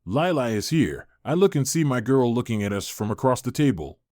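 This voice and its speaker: A man reading a first-person family story aloud as a scripted narration, in a steady, even manner. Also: mid-range voice, brisk, no echo, clean studio sound.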